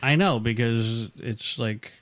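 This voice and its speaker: A man trades crude jokes and stories with his co-hosts in loose podcast banter. His voice sits at an ordinary middle pitch, and the recording is close and dry, with no room around it. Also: slow, fairly bright tone, clean tone, dry recording. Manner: crude, joking storyteller. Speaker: podcast host. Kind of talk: casual banter.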